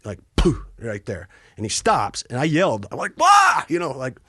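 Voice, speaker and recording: A man telling war stories as a podcast guest, acting out quotes with sudden yelps and hushed asides. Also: mid-range voice, big pitch swings, moderate pace, breathy edge, no room sound, clean studio sound. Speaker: podcast guest, Army helicopter pilot. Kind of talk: casual storytelling.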